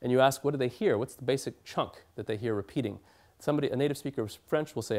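A man's voice: mid-range voice, quick pace, a little mellow. A man giving an academic lecture in a hall, explaining at length with fillers and restarts.

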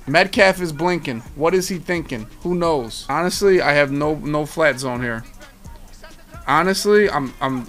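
Fairly high and fairly bright, this young man's voice carries his hyped live commentary as he streams a football video game. He trash-talks to his chat and keeps repeating himself while playing.

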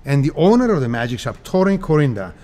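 A man in his sixties from Cyprus, telling stories as a guest in a casual interview, animated and laughing often. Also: fairly high pitch, fast. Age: 60s.

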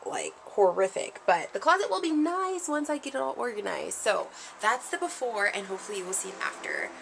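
A woman's voice: mid-range voice, very animated, a little fast, creaky, fairly bright tone, slight background noise. A young woman chatting upbeat to a handheld camera in her apartment. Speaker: vlogger. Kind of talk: casual vlog chat. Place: apartment indoors.

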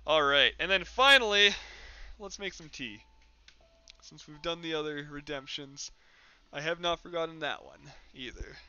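A man's voice: on the high side, normal speed, pushed and bright, clear, resonant tone, dull audio. A man streaming a game and chatting casually with his chat in a rambling, jokey way, laughing often. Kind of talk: casual live-stream chat while gaming.

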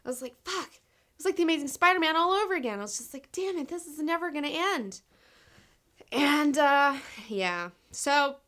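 Enthusiastic young woman with a smooth voice. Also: mid-range voice, a bit bright. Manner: enthusiastic, swears a lot, says "like" often. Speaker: comic book reviewer. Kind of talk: casual spoiler review.

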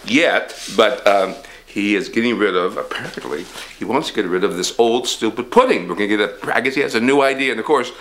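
A man hosting a comic children's show, rambling excitedly and talking straight to the kids. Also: on the low side, fairly quick. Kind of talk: comic puppet-style kids' show patter.

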